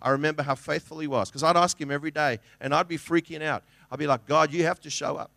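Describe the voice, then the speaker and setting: A man's voice: a little high, steady tone, quick pace, gravelly, fairly bright tone, no echo. Earnest pastor, a man preaching. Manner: conversational, earnest, with frequent restarts and acted-out quotes. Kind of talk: sermon.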